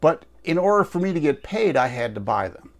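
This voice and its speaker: A man with a slightly high voice gives a direct-to-camera sales pitch for a network marketing business. He talks chattily and tells stories with emphatic asides, like a promoter talking straight to his viewers. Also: sing-song, fairly quick.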